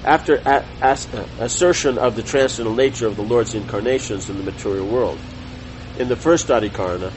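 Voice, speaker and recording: Against a noisy background, a middle-aged man in a mid-range voice leads a scripture class. He reads the text carefully and deliberately, pausing for small self-corrections and chatty asides.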